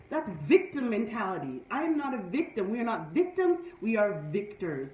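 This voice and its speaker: A woman's voice: on the high side, very animated, moderate pace, hardly any pauses, a little mellow. Emphatic woman preaching in an echoey room. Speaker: live-stream host. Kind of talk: motivational talk. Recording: echoey room, far from mic, dull sound.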